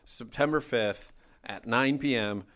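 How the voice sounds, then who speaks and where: A man's voice: medium pitch, a little slow, a bit bright. Jokey rambling male podcast host. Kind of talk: casual chat.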